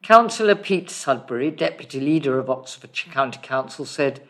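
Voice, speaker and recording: Newsreader with a steady, mid-pitched voice. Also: normal speed. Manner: steady, clear news reading. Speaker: news reader. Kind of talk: read news bulletin.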